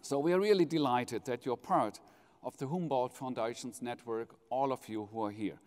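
Middle-aged German-accented man, podium welcome speech, measured and jovial, big reverberant hall. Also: mid-range voice, a little mellow. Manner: measured, jovial, polls the audience. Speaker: foundation president giving opening speech. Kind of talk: formal welcome speech with light humor. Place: large university hall, live audience.

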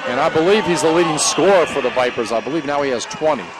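A man calling basketball play-by-play, mixing quick calls with chatty asides. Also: fairly high pitch, a loud crowd, poor audio. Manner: chatty calls mixed with banter. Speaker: play-by-play commentator.

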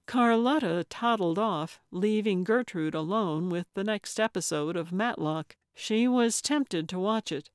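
A woman narrating a cozy mystery audiobook in a measured storytelling manner. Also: medium pitch, dry recording, clean studio sound. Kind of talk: scripted narration.

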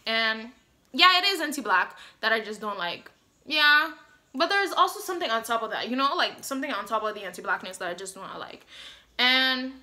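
A woman's voice: a little high, bright, forceful tone. A woman vlogger ranting bluntly and heatedly to the camera, swearing freely as she gives her opinions. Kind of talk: casual opinion rant to camera.

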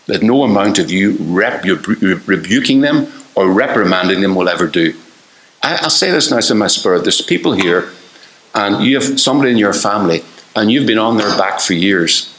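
An Irish man preaching to his congregation, his voice sitting fairly low. He talks earnestly and conversationally, tossing in quick asides, and the church hall around him rings with echo. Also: lively intonation, fairly bright tone. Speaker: pastor. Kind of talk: sermon.

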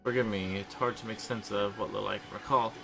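A man's voice: fairly low pitch, steady tone, fast talker, vocal fry. A man reading an earnest lost samurai woman. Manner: formal, old-fashioned phrasing read aloud. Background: game music.

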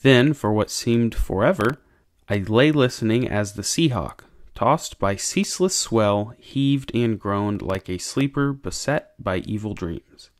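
A man, a teacher, narrating an audiobook chapter for his class in a measured, expressive way. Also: fairly low pitch, dry recording.

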